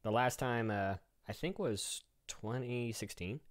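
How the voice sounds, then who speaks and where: A man's voice: medium pitch, a little slow. A man hosting a casual live-stream town hall, talking loosely with a guest and his chat. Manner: relaxed, loose, laughs easily, talks to chat.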